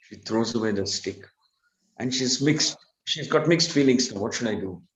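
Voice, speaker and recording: A man preaching a devotional lecture, telling a sacred story in an animated way and acting out its characters. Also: medium pitch, slight background noise. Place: temple hall. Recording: dull, echoey temple hall recording.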